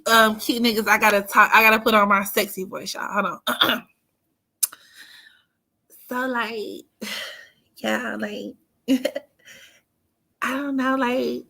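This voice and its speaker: Bright-voiced woman, slow playful teasing. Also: fairly high pitch. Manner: playful, teasing, laughs often, drops to near-whisper. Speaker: astrology livestream host. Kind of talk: casual livestream chat.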